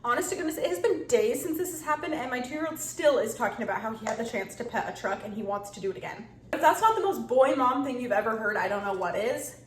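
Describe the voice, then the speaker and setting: Chatty young mom, fairly high voice. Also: female voice. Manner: chatty and animated, quick bursts. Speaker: mother telling a story. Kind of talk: casual storytime vlog. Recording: echoey room, faint background hum.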